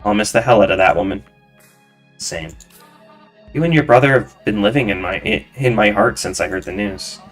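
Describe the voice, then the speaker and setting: A man reading game lines for a gentle woman friend who tends a bar, in a soft, sympathetic way close to his own voice. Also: on the low side, animated, moderate pace, soft background music, natural voice.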